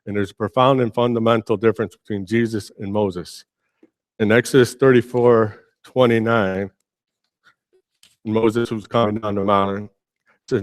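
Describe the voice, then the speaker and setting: A man preaching a sermon as pastor, telling Bible stories in a lively, casual way and acting out the characters' lines. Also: fairly low pitch, moderate pace, long pauses, no echo, studio quality. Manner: animated storytelling, acting out biblical figures in casual speech. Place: church.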